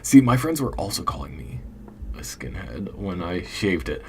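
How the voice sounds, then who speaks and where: A man's voice: low voice, big pitch swings, moderate pace, gravelly, a little hiss or hum. A young man chatting casually and candidly with his stream chat late at night, rambling a little and laughing often.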